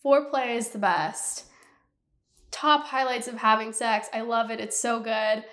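A woman's voice: a little high, fairly even intonation, unhurried, fairly bright tone, roomy sound. A woman in her twenties hosting a podcast alone, ranting candidly in casual talk and swearing freely. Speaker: podcast host. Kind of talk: casual solo podcast rant.

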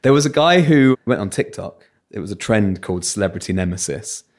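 A man's voice: fairly low pitch, animated, fairly quick. A British man and radio presenter, a guest in a casual interview, talking candidly and telling self-mocking stories.

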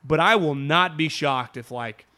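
Emphatic male sports talker, slightly higher voice. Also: sharp tone. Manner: fast, emphatic, frequent restarts and swearing. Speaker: sports talk co-host. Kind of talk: casual sports chat.

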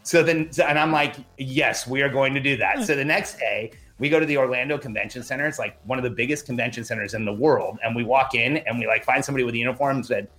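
A middle-aged man telling a long personal story in a conversation, animated and acting out the dialogue. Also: medium pitch, fast talker, few pauses, faint music behind. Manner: animated, acts out quoted dialogue. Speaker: podcast guest.

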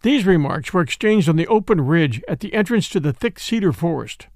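Gravelly, lively male western narrator. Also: on the high side, no room sound, clean studio sound. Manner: lively, expressive storytelling. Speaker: host and audiobook narrator. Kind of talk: reading a classic western novel aloud.

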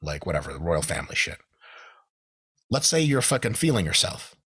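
Low-pitched and husky, this American podcast guest talks a little fast as he tells casual stories. Animated and profane, he frequently curses and performs quotes in altered voices.

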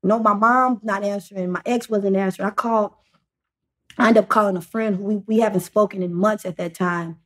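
This young adult woman, a podcast guest, has a steady, mid-range voice. Her casual storytelling halts often, packed with fillers and false starts.

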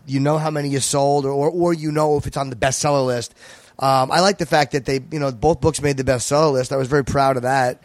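Comedian guy on a podcast, blunt and sweary, middle pitch, dry close mic. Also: steady tone, no room sound. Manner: blunt, profane, quick storytelling. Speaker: guest comedian. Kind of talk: casual podcast chat.

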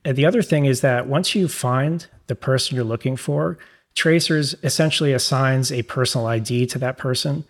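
A man with a New York accent, a podcast guest explaining legal software in a casual, rambling way with fillers. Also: mid-range voice, normal speed. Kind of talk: conversational interview.

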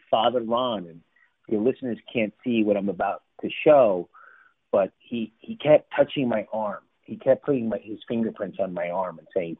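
A man from New Jersey, a life coach and guest, telling his recovery story in an animated, emphatic way. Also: lowish voice, no echo. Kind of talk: recovery story told in a radio interview. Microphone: phone line. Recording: tinny phone line, dry.

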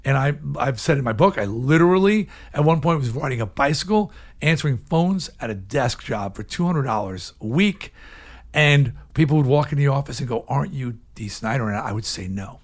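This sixty-something man is being interviewed and recounts his story openly and with energy at a normal pace. His delivery ranges from loud, emphatic bursts to quiet, hushed asides.

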